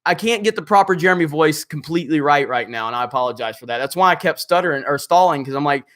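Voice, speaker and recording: Hoarse male streamer, halting and rambling, higher-pitched voice. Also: lively intonation, fairly bright tone. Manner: rambling, halting, full of fillers. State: hoarse, losing his voice. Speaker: livestream host. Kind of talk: casual livestream chat, reading viewer comments.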